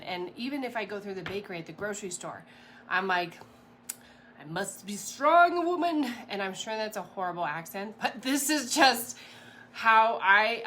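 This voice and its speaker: A woman giving a casual motivational talk as a mindset coach, chatty and animated, rambling with fillers and quick laughs. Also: mid-range voice, slight background noise.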